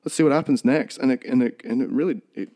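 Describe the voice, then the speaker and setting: A man's voice: mid-range voice, fast, dark tone. A man co-hosting a podcast, talking earnestly in a rambling, casual way with many restarts. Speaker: podcast co-host.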